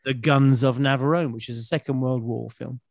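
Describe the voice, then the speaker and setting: A man's voice: medium pitch, steady tone, normal speed, vocal fry, darkish tone, dry recording. A male singer chatting playfully as a guest over a video call, often slipping into humming and snatches of song. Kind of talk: casual chat on a video call.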